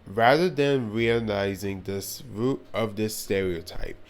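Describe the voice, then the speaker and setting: A young man giving an earnest, blunt commentary on his vlog, now and then sarcastic. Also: lowish voice. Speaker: video commentator.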